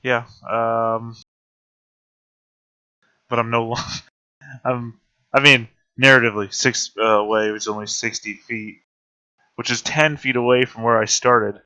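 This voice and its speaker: A man playing a tabletop game, talking his moves through aloud and joking along. His voice is bright and mid-pitched. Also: little pitch movement, a little slow, pauses often, dull audio. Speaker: player. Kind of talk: tabletop game play over voice chat.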